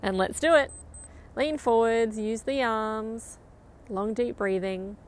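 A woman's voice: fairly high pitch, slow. A woman coaching a guided interval run outdoors, upbeat and encouraging as she counts down. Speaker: running coach.

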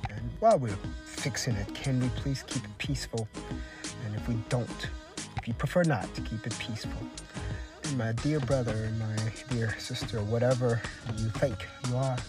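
A man hosting a talk broadcast, lecturing slowly and repeating himself while he speaks of himself in the third person. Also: mid-range voice, loud music behind the voice. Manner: deliberate, repetitive, refers to himself in the third person; lecturing, with drawn-out emphasis and spelled-out words. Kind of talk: self-promoting monologue.

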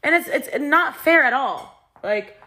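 A woman's voice: sits high, animated, measured pace, pushed and bright. A young woman venting in a personal vlog, heated and frustrated, swearing often and rambling with restarts. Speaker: vlogger.

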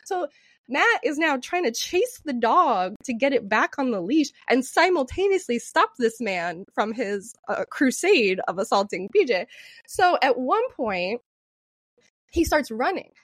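A young woman co-hosting a podcast, telling a story with animated, profane energy and acting out what people said. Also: high voice, measured pace, dry recording. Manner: animated, profane, acts out quotes in raised voice. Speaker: podcast co-host. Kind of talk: storytelling chat.

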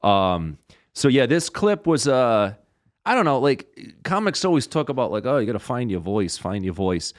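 A male comedian telling a story as a podcast guest, animated and full of swearing. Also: mid-range voice, moderate pace, no room sound, clean studio sound. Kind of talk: casual storytelling in a podcast interview.

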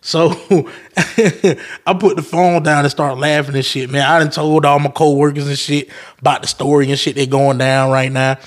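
Profane storytelling podcast host. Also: male voice, on the high side, normal speed. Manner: profane, animated storytelling with acted-out quotes. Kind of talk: casual storytelling monologue.

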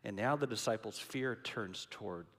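A man's voice: on the low side, moderate pace. A man preaching a sermon in a dramatic, emphatic way, repeating key lines for weight. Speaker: pastor. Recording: long hall reverb.

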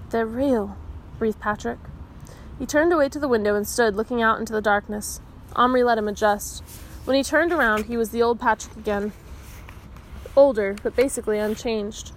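A woman reading a children's novel aloud, expressive, giving the dialogue its own voices. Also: fairly high pitch, slight background noise. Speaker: audiobook reader.

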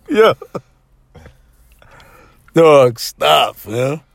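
A man's voice: a little high, huge pitch swings, extremely slow, gravelly, dry recording, studio quality. A man hosting a podcast, trading laughing, profane banter about boxing. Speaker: podcast host. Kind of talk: casual chat.

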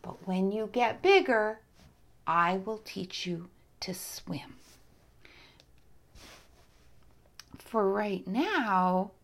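A woman's voice: mid-range voice, gravelly, full character voice. A woman voicing a brave playful cat. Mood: firm.

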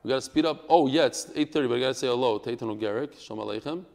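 A man teaching a Talmud class, swinging from quiet asides to loud, emphatic outbursts. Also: medium pitch, very fast, vocal fry, big-room sound. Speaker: Torah teacher.

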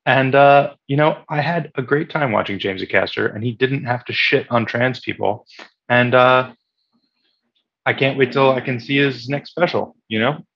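A man's voice: medium pitch, normal speed. A man co-hosting a podcast in casual political chat, sarcastic and profane, laughing often. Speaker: podcast co-host. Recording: dull lo-fi audio.

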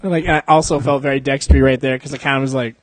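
A man's voice: medium pitch, steady tone, rapid-fire, no room sound. A young adult man chatting casually, rambling through crude stories full of swearing and frequent laughter. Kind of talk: casual chat.

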